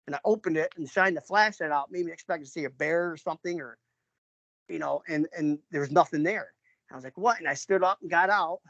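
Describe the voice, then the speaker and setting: A man from New York tells his story in a casual, meandering way, leaning on fillers and stopping to clear his throat. His voice sits a bit higher than most men's. The recording is dry and dull, with little room sound and a muffled, lo-fi tone. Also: a bit bright, no room sound. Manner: rambling, many fillers and restarts, frequent throat clearing. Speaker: interviewee, father recounting an encounter.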